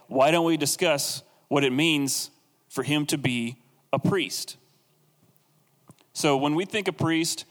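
A man's voice: mid-range voice, fairly bright tone, in a large hall. A man teaching a casual, conversational sermon on the Bible, with jokey asides and acted-out quotes.

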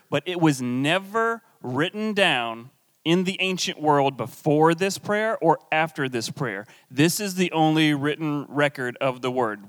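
A young man preaching a sermon, teaching in an animated, playful way with jokes and asides to the congregation. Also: fairly high pitch. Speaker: pastor. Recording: long hall reverb.

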